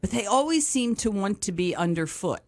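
A woman's voice: medium pitch, expressive, moderate pace. Chatty woman talking cats on radio. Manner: chatty, laughs often, warmly enthusiastic about cats. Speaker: animal shelter representative and radio co-host. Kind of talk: casual radio chat.

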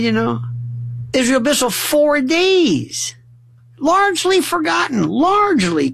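A man's voice: very high voice, fairly bright tone, no echo. A middle-aged man hosting a late-night call-in radio show, rambling through emphatic rhetorical questions. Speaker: radio talk show host.

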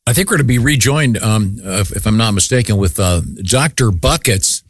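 Halting, chuckling radio host man. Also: fairly low pitch, expressive, no room sound, studio quality. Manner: hesitant, many fillers, laughs easily. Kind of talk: morning radio banter. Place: radio studio. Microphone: studio mic with headphones.

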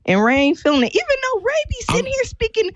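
A woman co-host tells a story on a casual podcast, full of teasing. Her pitch swings widely as she talks. The sound is dry and a little muffled. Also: big pitch swings, fast talker, no room sound.

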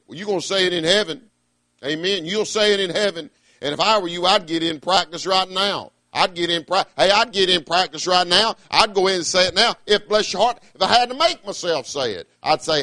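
Pastor preaching with fervor. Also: male voice, high-pitched, animated, normal speed, no echo. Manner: emphatic preaching, shouts hallelujah. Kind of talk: sermon.

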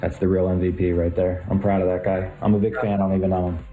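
A man with a very deep, dark, mellow voice who fires off quick, joking one-liners. He talks fast in short bursts during casual podcast banter. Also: level tone, faint music behind. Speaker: podcast guest.

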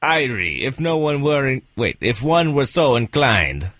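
A man's voice: mid-range voice, very animated, a little slow, fairly bright tone, no room sound, studio quality. A radio co-host playing a laid-back Jamaican-accented man, his put-on accent drifting toward Eastern European. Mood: deadpan. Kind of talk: comic accent bit on morning radio.

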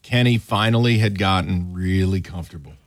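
A man's voice: sits low, a little fast, dry recording, clean studio sound. A man hosting a radio talk show, telling stories in a casual, conversational way.

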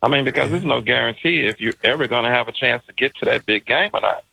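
A man's voice: medium pitch, fast, creaky, sharp tone, slightly rough, no room sound, low-quality recording. A man from the Houston area calling in to a sports radio show and asking a question casually, trailing off with filler phrases. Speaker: radio caller. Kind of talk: call-in question.

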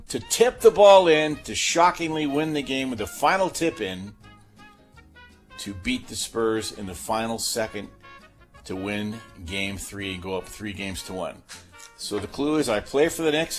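A male sports talk host with a lively, swooping delivery and a mid-range voice. He rambles casually through his clues, full of fillers and restarts, with faint music playing underneath. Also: medium pitch. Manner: animated, chatty, with filler-heavy restarts. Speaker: sports talk host running a guessing game. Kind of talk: casual sports radio chat.

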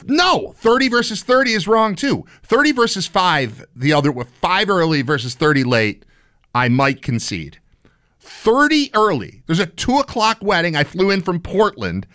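Animated man in casual sports banter. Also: high voice, normal speed, dry recording, clean studio sound. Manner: animated, argumentative, jokey. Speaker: podcast co-host.

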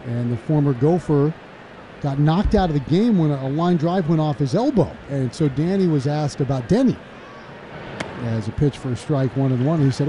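Guy doing baseball play-by-play, kinda high voice, chatty, loud ballpark noise behind. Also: moderate pace. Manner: chatty, laughs between calls, gets loud and excited on big plays. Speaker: play-by-play announcer.

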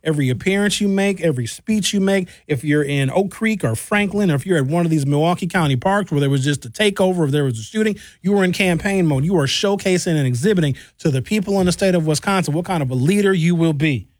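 A fairly high-voiced man hosts a talk show into a studio microphone, animated and outspoken as he tells stories and gives blunt opinions. The sound is dry and close, with no room around it. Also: quick pace, hardly any pauses, no room sound. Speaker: radio and podcast host.

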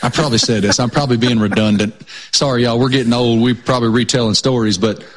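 A man's voice: mid-range voice, steady tone, fast talker, rough recording. Folksy, enthusiastic man in casual talk. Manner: enthusiastic, folksy, colorful praise. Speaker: co-host of a sports talk show. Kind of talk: casual chat.

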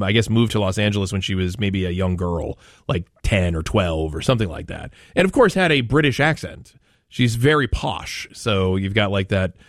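Talk radio host, male, from Maine, lowish voice, chatty and rambling, dry close mic. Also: no echo. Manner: chatty, rambling, with frequent restarts. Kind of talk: casual talk radio chat.

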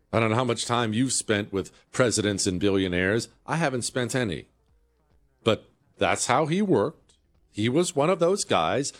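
Animated sarcastic male radio host. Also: medium pitch. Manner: animated, sarcastic, rhetorical questions. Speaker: radio talk show host. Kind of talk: opinionated talk radio monologue.

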